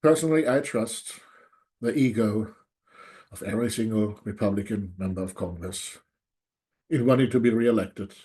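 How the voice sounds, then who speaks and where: A man's voice: fairly low pitch, normal speed, long pauses, mellow. A man delivering an angry, emphatic solo commentary, openly sarcastic and hammering his points home. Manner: repeats "there's no doubt" for emphasis. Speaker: political commentator. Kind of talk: solo opinion monologue.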